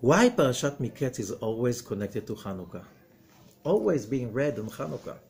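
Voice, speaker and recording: A middle-aged man, a rabbi giving a spoken lesson, animated, with rhetorical questions and sudden swings between loud emphatic bursts and low quiet passages. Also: moderate pace, creaky. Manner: rhetorical questions and acted-out quotes. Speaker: rabbi and Zohar teacher.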